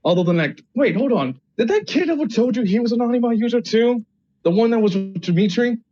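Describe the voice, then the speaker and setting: A man's voice: very high voice, animated, fast talker, warm tone, voice pushed up. A man voicing his brash, cursing young adventurer character in a tabletop role-play. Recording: dull, dry mic.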